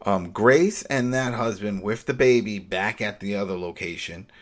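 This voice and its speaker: A man co-hosting a casual chat, retelling scenes with lively energy and acting out the characters. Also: lowish voice, moderate pace. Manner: animated, acts out scenes with shifting voices. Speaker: podcast co-host.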